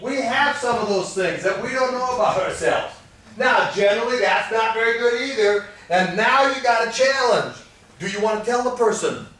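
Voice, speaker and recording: A man's voice: very high voice, moderate pace, a bit bright. A man in his sixties giving a marriage seminar to an audience, teaching in a folksy storytelling way and acting out the voices in his stories. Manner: folksy storytelling, acts out quoted exchanges. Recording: distant mic in an echoey room.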